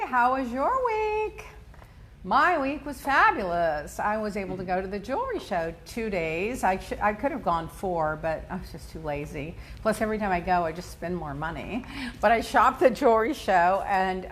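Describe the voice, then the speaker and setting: A woman hosting a talk show, telling personal stories in a chatty, animated way, laughing often and acting out the people she quotes. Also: mid-range voice, moderate pace, a little hiss or hum. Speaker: host.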